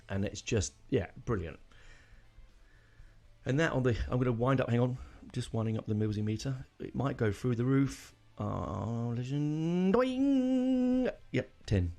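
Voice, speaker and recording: A man's voice: lowish voice, normal speed, gravelly, mellow. A man hosting a casual music podcast, rambling and emotional, with lots of fillers and restarts. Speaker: podcast host.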